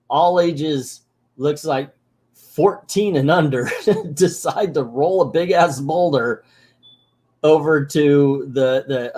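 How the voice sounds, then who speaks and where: A man recapping a cartoon episode in a casual, joking way, with a slightly high voice. He throws in sarcastic asides as he goes. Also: a little mellow. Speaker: comics channel host.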